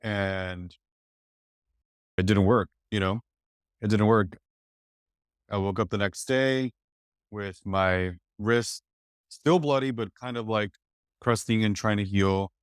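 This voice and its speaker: A man from East Los Angeles, a podcast guest telling a personal story in a reflective, halting way full of "like". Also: on the low side, smooth, no echo, clean studio sound. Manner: reflective, halting, many "like" fillers.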